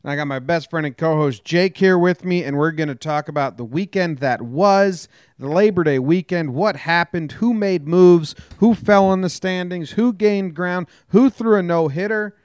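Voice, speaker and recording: A man's voice: high-pitched, normal speed, few pauses, clean tone, no room sound, studio quality. A man hosting a casual sports podcast, talking bluntly and grumpily, with some swearing. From New Jersey. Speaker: podcast host.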